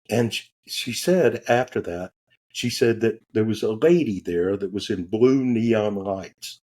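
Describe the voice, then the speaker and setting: Husky man telling stories animatedly. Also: on the low side, takes it slowly. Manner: animated, acts out quoted voices, curses casually. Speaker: podcast guest. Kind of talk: casual storytelling.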